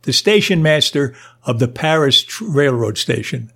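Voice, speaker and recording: An older man, a podcast guest, telling a story with lively delivery and frequent laughter. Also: mid-range voice, normal speed, gravelly. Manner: animated, laughs through his stories. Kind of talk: storytelling anecdote.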